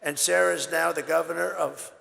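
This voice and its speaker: An older man giving a rambling, boastful campaign rally speech, his voice hoarse and worn, swinging between loud shouts and low asides. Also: steady tone, moderate pace. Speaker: political candidate at a rally. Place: large rally venue. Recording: reverberant hall with crowd and faint noise.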